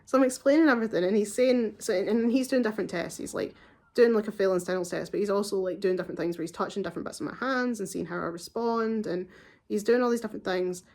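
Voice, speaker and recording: A woman's voice: mid-range voice, fast, darkish tone. A young woman vlogger telling a long story to camera in a chatty, rambling way. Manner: chatty and rambling, with frequent "like" and restarts.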